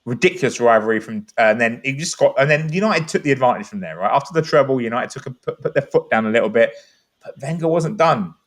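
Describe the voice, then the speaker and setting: A man's voice: medium pitch, expressive, fast, few pauses. A man talking football on a podcast in a rambling, enthusiastic, casual way. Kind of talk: animated casual chat.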